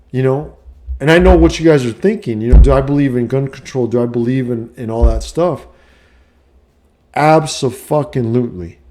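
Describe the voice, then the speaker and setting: A middle-aged man ranting casually on his vlog, profane and heated, swinging from low muttering to shouting. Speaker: vlogger and life coach.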